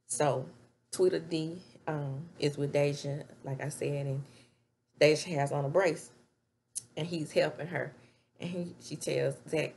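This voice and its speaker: A woman recapping a TV show in casual, animated chat from a home webcam setup. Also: low-pitched, a little slow, creaky, long pauses, slight background noise. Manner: chatty, animated, laughs while retelling scenes. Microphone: webcam setup with ring light.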